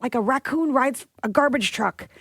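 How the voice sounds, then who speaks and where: A woman's voice: high voice, normal speed, husky, dry recording. Playful woman co-host, dry close sound. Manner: playful, teasing, laughs often. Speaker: radio co-host. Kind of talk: casual banter.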